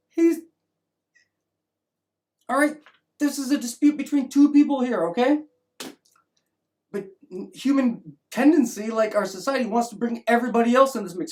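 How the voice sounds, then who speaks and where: A man's voice: very high-pitched, moderate pace, long pauses. A man giving a rambling opinion monologue as a vlogger, often restarting and acting out mocking voices.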